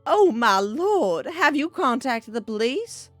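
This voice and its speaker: A genteel older Southern mother, as a woman puts her on while reading a game aloud, polite and gently concerned. The voice sits high and lilting, rising and falling freely, with soft game music underneath. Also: very animated, takes it slowly, no echo, heavily acted. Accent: put-on American Southern. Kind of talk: reading a visual novel aloud, doing voices.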